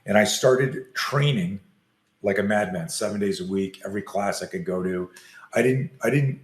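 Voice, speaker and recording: A man and self-defense coach telling a story in an interview, animated, acting out the scenes as he goes. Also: fairly low pitch, moderate pace, roomy sound.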